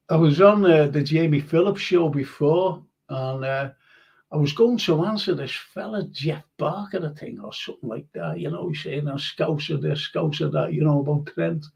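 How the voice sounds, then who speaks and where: An older man from Liverpool, England, with a matching accent, hosts a casual online history and chat show on live stream, rambling, laughing easily and reading out viewers' comments. His voice is a little high, a little slow, gravelly, slightly rough and a little mellow, with the highs cut off.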